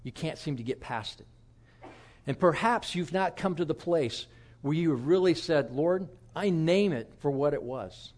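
A man's voice: a little high, lively intonation, moderate pace, darkish tone. A middle-aged man preaching a sermon as pastor, telling stories in a candid, self-deprecating, conversational way.

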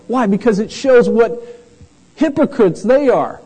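A male preacher delivering a lively sermon, taking on the voices of the people in his story as he goes. His voice is fairly high for a man, husky and mellow. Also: moderate pace, rough recording. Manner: animated, acts out voices of the disciples and the blind man.

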